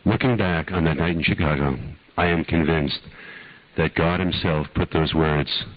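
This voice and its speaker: An older man with a husky voice, leading a slow, earnest guided prayer as a preacher in a sermon. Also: rumbling low, no echo, lo-fi sound.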